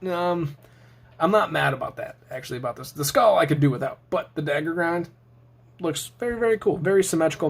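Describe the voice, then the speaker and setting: A young man runs through a knife review in a loose, chatty way. His voice sits a little higher than most men's, and he keeps slipping in sarcastic jokes and wandering asides. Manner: sarcastic, joking, rambling asides. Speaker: knife reviewer, show host. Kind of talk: casual product review.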